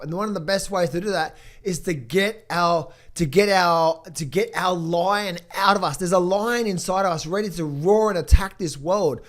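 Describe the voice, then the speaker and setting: A hoarse man in his thirties or forties, a trading coach giving blunt, emphatic motivational talk and market commentary in a vlog. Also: high voice. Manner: emphatic, blunt, swears freely.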